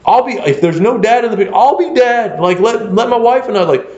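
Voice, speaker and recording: Animated man telling a pastoral story. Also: high-pitched, fairly quick. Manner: animated, conversational, many fillers. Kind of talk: storytelling lecture. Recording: echoey room, dull lo-fi sound.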